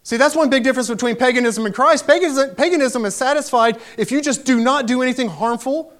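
A man's voice: very high voice, quick pace, fairly bright tone. A man preaching a sermon, telling a personal story with emphatic delivery that rises to raised exclamations.

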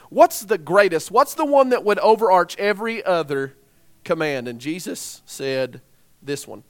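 High-voiced man preaching a sermon. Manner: conversational, asks the congregation rhetorical questions.

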